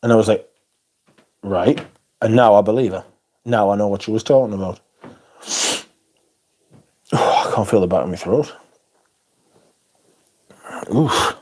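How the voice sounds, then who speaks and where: Animated, swearing livestream host. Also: male voice, fairly low pitch, moderate pace, long pauses. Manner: animated, swears freely, exclamatory. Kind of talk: casual livestream chat, reading viewer comments.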